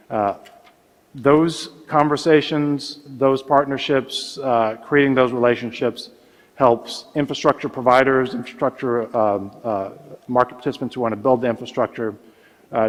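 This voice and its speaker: A man speaking as a panelist at a business forum, measured and full of hesitations and restarts. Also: medium pitch. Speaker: panelist, energy company executive. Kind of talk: conference panel remarks. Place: large conference hall. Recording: reverberant hall sound.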